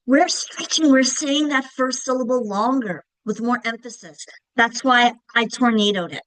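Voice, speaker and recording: A woman giving a casual, clear instructional presentation on reading, stretching example words to show emphasis. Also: fairly high pitch, measured pace, a bit bright, dry recording, poor audio. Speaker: literacy teacher trainer.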